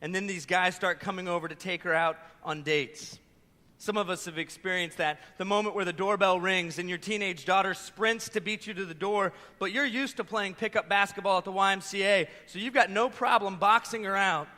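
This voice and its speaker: High-voiced, bright-toned pastor preaching. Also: male voice, normal speed. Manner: animated storytelling with voiced quotes. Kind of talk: sermon. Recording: echoey church hall.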